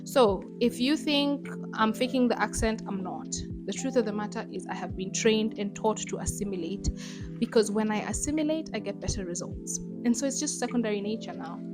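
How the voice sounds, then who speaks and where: Blunt, impassioned young woman vlogger. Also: a little high. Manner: impassioned and blunt, sprinkles in Swahili slang. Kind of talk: direct-to-camera commentary.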